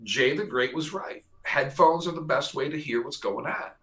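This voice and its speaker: A man's voice: on the high side, expressive, normal speed, fairly bright tone, low-quality recording. A man hosting a radio show in casual, joking studio chat, chatty and exaggerating for laughs. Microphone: studio microphone.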